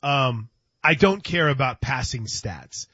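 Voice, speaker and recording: A man's voice: mid-range voice, animated, slow, bright, forceful tone, husky, no echo, highs cut off. A man hosting a sports radio show, chatting casually and often restarting his sentences. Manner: chatty, stumbles and restarts, laughs.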